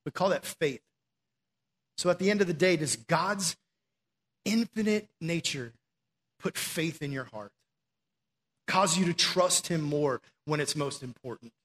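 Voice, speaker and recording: High-voiced, animated young male preacher. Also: a little slow, long pauses. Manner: animated, emphatic, conversational. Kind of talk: sermon.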